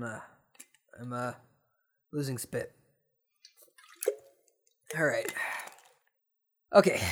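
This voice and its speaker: Sarcastic man ranting on a podcast. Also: a little high. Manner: sarcastic, swears freely, swings from mutters to loud outbursts. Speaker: podcast host. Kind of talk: comedic storytelling rant.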